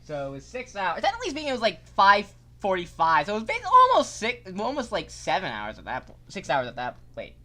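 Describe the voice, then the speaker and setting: A young man streaming a game live, casual and excitable, cursing often and swinging from mock calm to yelling. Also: high-pitched, brisk, few pauses.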